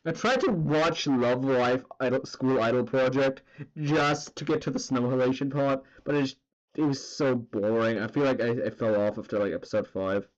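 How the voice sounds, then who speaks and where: A man's voice: medium pitch, normal speed, dull audio. A man chatting casually on a drawing stream, rambling and swearing as he goes. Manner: rambling and profane, full of filler words.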